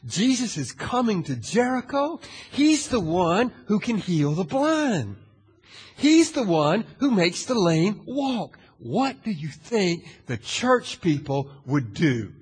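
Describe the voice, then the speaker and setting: A male pastor preaching a sermon in a dramatic way, asking the audience questions and swinging from hushed to loud. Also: high-pitched, sing-song, slow pace, slightly rough. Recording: long hall reverb.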